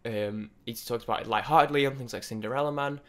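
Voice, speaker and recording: A young man giving rambling, excitable off-the-cuff first impressions of an album, with many restarts and some swearing. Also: medium pitch, fast. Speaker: music reviewer.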